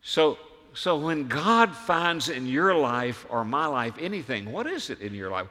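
A man preaching a sermon as a pastor, emphatic, firing rhetorical questions and swinging from hushed to loud. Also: fairly high pitch, big pitch swings, unhurried, big-room sound. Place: church sanctuary.

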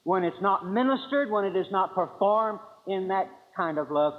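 A man preaching a sermon with emphatic delivery, swinging from high forceful lines to low quiet ones. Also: lively intonation, moderate pace, hardly any pauses. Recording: dull lo-fi sermon recording.

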